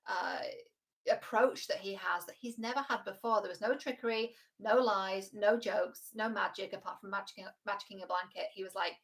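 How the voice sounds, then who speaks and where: A woman relationship coach with a mid-range voice offers casual reaction commentary. She's frank and animated and swears freely.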